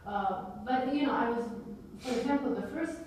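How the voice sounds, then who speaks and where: A woman's voice: moderate pace, darkish tone. A woman speaking English as a non-native speaker, talking animatedly with many fillers in a casual group discussion. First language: not English. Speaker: seminar participant. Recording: very echoey room, distant mic, faint rumble.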